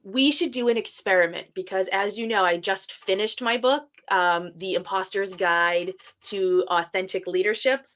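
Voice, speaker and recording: A woman's voice: medium pitch, normal speed, hardly any pauses, fairly bright tone. A woman co-hosting a podcast, chatting casually and upbeat. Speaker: podcast co-host. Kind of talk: casual chat.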